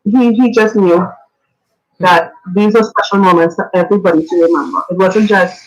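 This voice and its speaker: A woman's voice: on the low side, fairly even intonation, normal speed, low-quality recording. Earnest woman giving a radio tribute. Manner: earnest, reflective, sometimes laughing; faith-filled, preacher-like phrasing. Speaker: radio guest.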